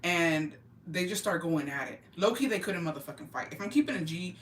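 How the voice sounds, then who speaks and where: A woman's voice: lowish voice, lively intonation, a little fast. Profane woman telling gossip, roomy and distant. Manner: profane, emphatic, code-switches into Spanish. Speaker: vlogger. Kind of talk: casual gossip storytelling. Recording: roomy, distant mic, faint ambient noise.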